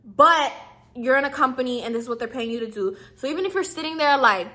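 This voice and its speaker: A woman's voice: sits high, lively intonation, fast talker, sharp tone. A young woman in her twenties giving casual, slangy customer service tips to her viewers and acting out lines for clerks and customers. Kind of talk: casual advice vlog.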